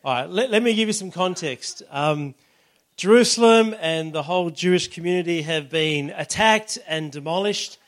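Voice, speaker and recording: A man preaching a sermon in a relaxed, conversational way, with many "you know" and "all right" asides. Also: high-pitched, moderate pace. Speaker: pastor.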